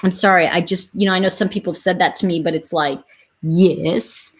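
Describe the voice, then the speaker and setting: A middle-aged woman hosting a casual live stream, chatting straight to her viewers in an animated, talkative way. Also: fairly low pitch, brisk, husky. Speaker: livestream host.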